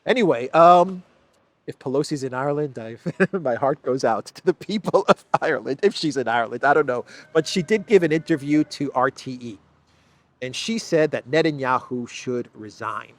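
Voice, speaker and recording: A man's voice: medium pitch, lively intonation, normal speed, no room sound. A man hosting a solo news commentary, talking in an emphatic, sarcastic way with frequent restarts. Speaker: political commentary host.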